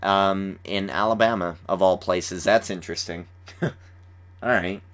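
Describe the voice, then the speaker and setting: A man's voice: deep voice, a little slow. A young man hosting a casual podcast chat, rambling through an episode recap with lots of "like.". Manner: rambling, says "like" often, animated retelling. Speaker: podcast host.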